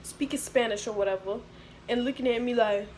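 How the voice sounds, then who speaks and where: Young woman, storytime vlogger, slangy and animated, slightly high voice. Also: fairly quick, a little hiss or hum. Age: young adult. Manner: animated, slangy, talks to viewers. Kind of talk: casual storytime.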